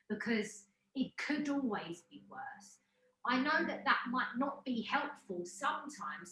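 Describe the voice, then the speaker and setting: A female host gives encouraging, coaching talk over a video call. Her voice is bright and forceful, and the room around her has an echo. She speaks at a mid pitch. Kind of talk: supportive group-call talk. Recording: roomy echo.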